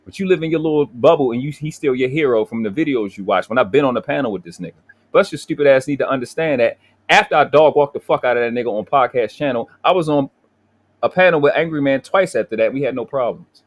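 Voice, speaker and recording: A man's voice: medium pitch, expressive, fast. A man in his forties from Baltimore with a Baltimore accent, hosting a livestream in a profane, boastful, confrontational casual rant. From Baltimore, USA. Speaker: livestream host.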